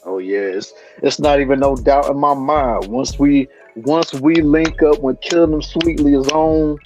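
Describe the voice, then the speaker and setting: Booming hype-man host. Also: darkish tone, highs cut off, soft background music. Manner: booming hype-man delivery, drawn-out words. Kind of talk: livestream show intro and casual chat.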